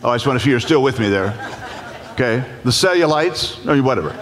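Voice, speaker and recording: A man preaching a humorous storytelling sermon, animated, playful and folksy as he retells a scripture story. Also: medium pitch, brisk, some chatter behind. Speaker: guest preacher. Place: large church sanctuary. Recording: long church reverb.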